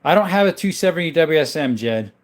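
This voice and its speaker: A laid-back man hosts a livestream, reading out viewer names and answering in an easy, rambling way. His voice sits a bit high, and he is a little sick. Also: animated, fairly quick. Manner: easygoing, rambling, reads out chat names. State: sick, coughing. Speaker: livestream host showing his gun collection. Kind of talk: casual livestream chat reading comments.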